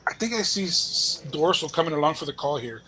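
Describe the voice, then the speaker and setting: A man giving live play-by-play commentary on a poker cash game, relaxed and thinking aloud with pauses. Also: on the high side, a little hiss or hum, low-quality recording.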